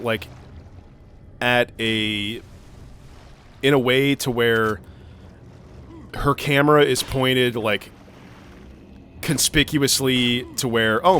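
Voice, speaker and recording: A man's voice: mid-range voice, slow pace, pauses often, fairly bright tone, a little hiss or hum. A young man co-hosting a gaming video, rambling through a long story full of fillers and swearing while he plays. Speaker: gaming channel co-host. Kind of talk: casual let's-play storytelling.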